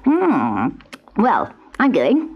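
A woman's voice: mid-range voice, wildly swooping pitch, very slow, lo-fi sound, slight background noise, full character voice. A woman doing a cheeky hobgoblin. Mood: smug. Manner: cheeky and teasing. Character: mischievous grinning male hobgoblin. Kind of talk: storybook tape reading.

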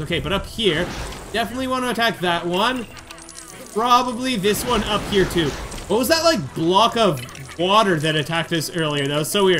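A man giving chatty, excitable commentary over his own video game playthrough. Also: sits high, noisy background. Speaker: gamer doing a playthrough. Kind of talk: casual let's-play commentary. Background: game music.

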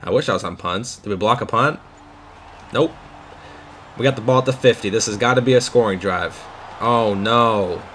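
A young man casually commentating his own football video game, swearing and shouting out loud at big plays. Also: fairly low pitch, moderate pace, long pauses, slight background noise. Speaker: gaming YouTuber. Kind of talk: live gameplay commentary.

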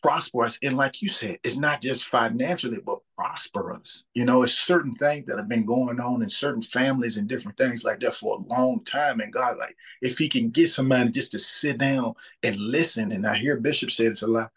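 Earnest husky man in his thirties. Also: mid-range voice, brisk, few pauses, fairly bright tone. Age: 30s. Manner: earnest, repeats words while thinking. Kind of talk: casual faith talk.

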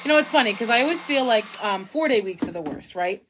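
A woman's voice: a little high, expressive, fast talker, background noise. A young woman hosting a casual painting tutorial, chatting and thinking aloud as she works, often poking fun at her own mistakes. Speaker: craft instructor.

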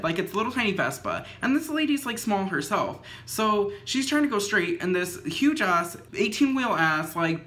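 A man's voice: sits high, pushed and bright. Rambling young man saying "like" nonstop. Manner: rambling, says "like" constantly, swears casually. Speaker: vlogger. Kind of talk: casual storytime vlog. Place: indoors at home, dim lighting.

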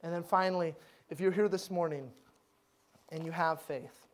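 A male pastor giving a sermon, swinging between loud emphatic lines and hushed, gentle ones. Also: a little high, normal speed.

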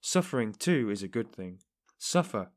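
A man's voice: lowish voice, sing-song, normal speed. A man voicing an earnest middle-aged police investigator who pleads fervently with a suspect in an audiobook.

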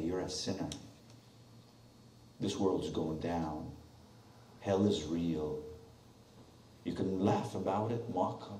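A man with a low voice preaches a sermon, weaving a story into his message and firing rhetorical questions at his listeners. He is heard from a distant mic, and his voice rings through a roomy church with a faint hum of ambience behind it. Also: mellow. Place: church sanctuary.

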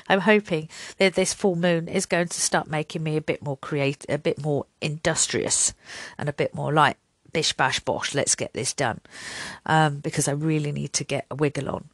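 An older woman with a lowish voice chats her way through a solo podcast, rambling and laughing at herself as she acts out little back-and-forths. She is recorded close and dry, with no room sound around her. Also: steady tone, normal speed, dry recording. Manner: rambling, self-deprecating, laughs often, acts out little dialogues. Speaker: podcast host.

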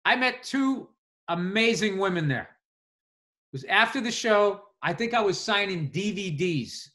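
A man co-hosting a podcast, telling animated stories in casual chat and swearing freely. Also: high voice, measured pace. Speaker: podcast co-host.

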